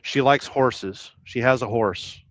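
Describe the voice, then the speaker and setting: Taking it slowly, a man with a mid-range voice chats on a casual livestream from his truck, joking around, rambling, and reading out viewer comments. There's no echo.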